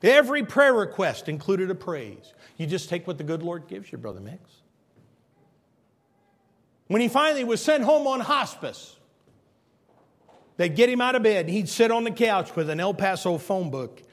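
A man's voice: high-pitched, big pitch swings, moderate pace, pauses often, big-room sound. A man pastor preaching a sermon, telling stories and emphatically repeating his key points.

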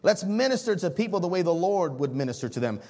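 A man preaching a sermon as pastor, telling a story in an animated way while the congregation answers back. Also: high-pitched, fast.

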